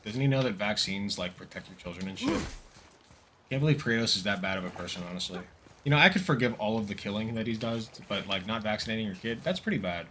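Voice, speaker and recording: A man's voice: lowish voice, animated, fast talker, a bit bright, a little hiss or hum. A young man streaming a game, riffing in rambling, profane jokes as casual commentary. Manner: rambling, profane, joking riffs. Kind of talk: casual livestream commentary while gaming.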